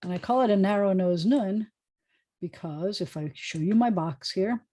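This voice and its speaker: An American woman leads a beginners' language class over a video call, her voice mellow and relaxed. She explains patiently, drifting into friendly asides as she goes. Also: mid-range voice, normal speed. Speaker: rabbi teaching Hebrew. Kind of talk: online class lesson.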